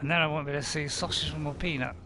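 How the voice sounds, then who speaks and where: A man's voice: on the high side, fairly even intonation, very fast, background noise. A man chatting casually to viewers while playing a survival game live, rambling and poking fun at himself. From United Kingdom. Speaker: game streamer. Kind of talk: casual live-stream commentary.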